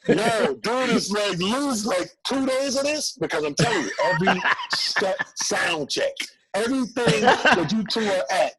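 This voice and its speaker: A man, a comedian telling an animated story on a call-in show, acting out voices. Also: sits high, a little slow, crowd noise, low-quality recording. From Brooklyn, New York. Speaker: comedian guest.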